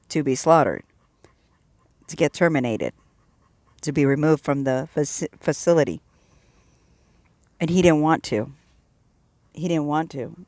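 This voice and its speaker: A woman with a lowish voice tells her faith testimony straight to camera. She is earnest and animated, and she sinks into a soft hush at the serious points. The sound is close and dry, with no room in it. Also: dry recording. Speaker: Christian vlogger sharing testimony. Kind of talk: personal faith testimony, storytelling.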